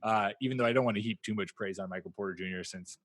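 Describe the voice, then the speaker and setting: A man in casual podcast chat, his voice bright and forceful. He jokes around and jumps into excited bursts. The close mic is dry with no room sound. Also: on the low side, no room sound. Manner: excitable, joking, quick bursts of enthusiasm. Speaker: podcast co-host.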